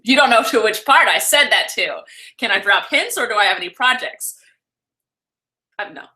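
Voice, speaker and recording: A young woman chats casually on a live stream, answering viewers in a rambling way full of "like". Her voice sits a little high and sounds bright and forward. She keeps talking loosely and corrects herself mid-sentence. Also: animated. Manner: chatty and rambling, heavy use of "like", quick self-corrections. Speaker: vlogger hosting a live stream.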